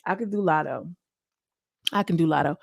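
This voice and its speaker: A woman's voice: low-pitched, moderate pace, vocal fry, no room sound, clean studio sound. A young woman recapping a reality TV episode in a chatty, slang-filled way, acting out what people said. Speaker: reality TV reviewer.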